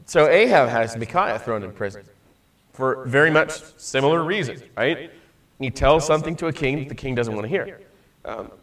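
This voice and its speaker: A man's voice: mid-range voice, a bit bright. Man teaching a Bible class, slightly distant. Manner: conversational, asks questions, frequent "right?".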